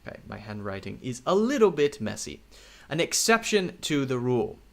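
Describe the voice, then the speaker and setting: Lively, patient male English teacher. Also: mid-range voice, creaky. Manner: slow, repetitive, checks in with "okay?". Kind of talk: recorded video lesson.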